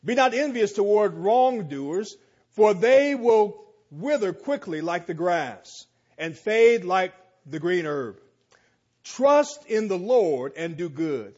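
A man with a high voice delivers a sermon at an unhurried pace. He reads scripture and drives his points home through slow, emphatic repetition. The recording sounds slightly dull and lo-fi. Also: very animated, darkish tone. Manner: slow, emphatic delivery with repeated phrases and rising exclamations. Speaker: preacher.

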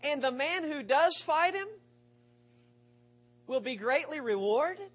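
A male preacher giving a sermon, retelling scripture with rhetorical questions and expressive storytelling. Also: extremely high pitch, slow. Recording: dull lo-fi recording.

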